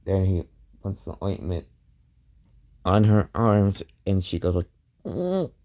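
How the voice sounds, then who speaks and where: A man retelling a fan story off the cuff, halting and restarting often. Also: low voice, fairly even intonation, mellow, muffled recording. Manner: halting, many restarts and "goes like".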